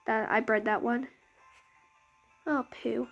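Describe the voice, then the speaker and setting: A woman's voice: high-pitched, fairly even intonation, measured pace, dull audio. A young woman casually commenting on her game as its channel host, chatty and rambling, often correcting herself. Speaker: gaming YouTuber. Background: game music.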